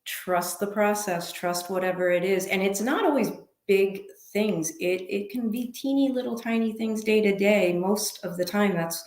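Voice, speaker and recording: Soft-spoken, reflective woman guest, recorded in a roomy, echoey space. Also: medium pitch, moderate pace, hardly any pauses. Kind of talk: casual online show chat. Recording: echoey room.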